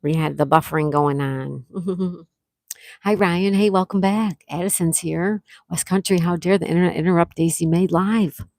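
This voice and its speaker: A woman hosting a live stream, reading chat comments and excitedly thanking viewers, with frequent gasps. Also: fairly low pitch, moderate pace, dry recording, clean studio sound. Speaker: livestream host.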